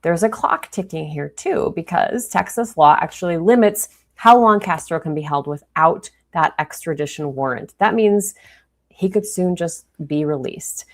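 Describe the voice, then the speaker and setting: A woman with a Minnesotan accent co-hosts a live political talk show. Her voice sits a little low, and she talks in a chatty, animated way, with quick asides. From Minnesota, USA. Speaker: co-host.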